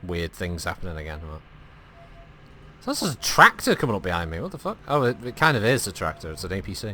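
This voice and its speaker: A man's voice: low-pitched, huge pitch swings, fast talker, pushed and bright, slight background noise. A man chatting and joking while streaming a game, with a lot of swearing. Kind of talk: live gameplay chat.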